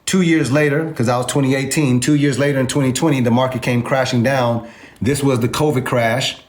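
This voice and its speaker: Guy w/ breaking down crypto charts, emphatic, keeps asking if y'all agree, mid pitch. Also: fairly even intonation, a little fast. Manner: emphatic, repeats numbers, asks the audience to agree. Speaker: crypto trading instructor. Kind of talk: informal chart walkthrough lesson.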